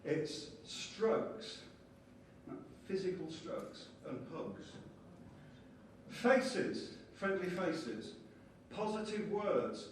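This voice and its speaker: A man giving a lively conference lecture and explaining ideas with small acted-out scenes. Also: on the high side, slight background noise. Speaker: conference speaker. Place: conference hall. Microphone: distant from the mic. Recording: echoey hall from far off, faint ambience.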